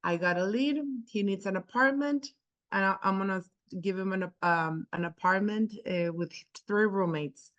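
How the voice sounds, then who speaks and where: A real estate agent, a woman who is not a native English speaker, telling a story to a class in an animated way, acting out dialogue and often restarting her sentences. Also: medium pitch, moderate pace, muffled recording.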